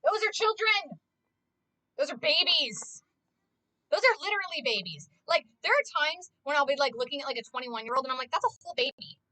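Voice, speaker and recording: A young woman streaming from home, her voice set high and swooping all over the place. The tone is bright and sharp, and she rants in a loose, foul-mouthed way into a desk mic. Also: a little fast, rough recording. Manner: animated, profane ranting. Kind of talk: casual live-stream commentary.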